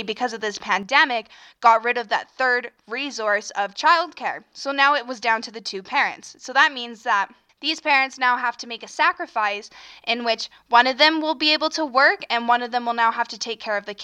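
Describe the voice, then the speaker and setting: Young woman, podcast host, solo commentary; sharp, crisp voice; earnest and opinionated, restarts a lot. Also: a little high. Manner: earnest, opinionated, self-correcting with frequent restarts.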